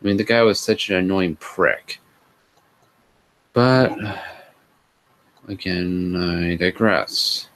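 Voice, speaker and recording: Brief: male host, dry sarcastic reader, slow lowish voice, lots of sighing. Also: a bit bright, a little hiss or hum. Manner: sarcastic, sighing, exasperated asides. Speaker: host reading a fan fiction aloud. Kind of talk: sarcastic live comedic reading.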